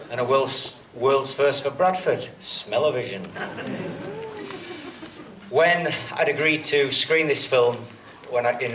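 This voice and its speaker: A man hosting a screening, introducing it to the audience in halting sentences with restarts. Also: medium pitch, noisy background. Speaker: cinema host introducing a screening. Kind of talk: speech to a cinema audience. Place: large cinema auditorium. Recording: echoey hall, far from the mic.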